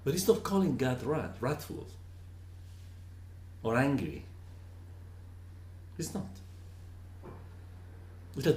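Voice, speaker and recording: A man giving a slow, earnest reflective teaching on scripture, often repeating words for emphasis. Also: medium pitch, sing-song, a little mellow, reverberant. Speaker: spiritual teacher.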